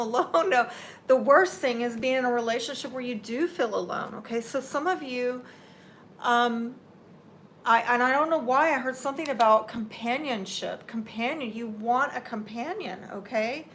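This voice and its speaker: A woman's voice: fairly high pitch, a little hiss or hum. A woman giving a live tarot reading, talking unhurriedly and reassuringly straight to the viewer, with teary eyes. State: teary-eyed. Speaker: tarot reader.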